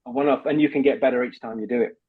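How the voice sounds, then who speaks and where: Man, husky, dry lo-fi sound, lively explainer. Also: medium pitch, rapid-fire. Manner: animated, explains with examples. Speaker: voice coach guest. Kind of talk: casual podcast chat. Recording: dull, dry, slightly lo-fi.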